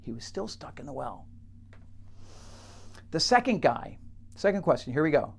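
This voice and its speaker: Man, coach, halting delivery, lots of fillers, teaching story to camera. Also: on the high side, big pitch swings, creaky, breathy edge. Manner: halting, many fillers and restarts. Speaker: coach working with clients.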